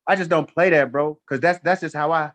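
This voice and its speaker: A man's voice: on the high side, steady tone, fairly quick, a bit bright, dry recording. A man telling a story in casual talk on a live stream, blunt, heated and profane. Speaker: livestream guest.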